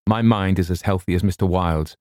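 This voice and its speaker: A man voicing an agitated, grandiose young gentleman who pushes his voice high and tense in audiobook dialogue. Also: brisk, no room sound, studio quality, natural voice. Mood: insistent. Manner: tense, rising to shrill excitement.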